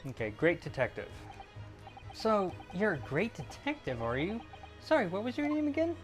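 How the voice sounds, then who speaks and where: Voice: mid-range voice, big pitch swings, normal speed, soft background music, natural voice. A gamer voicing a skeptical, earnest young male lawyer in a plain, doubtful voice. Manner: dry, doubtful. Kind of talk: fan voice-over of a game.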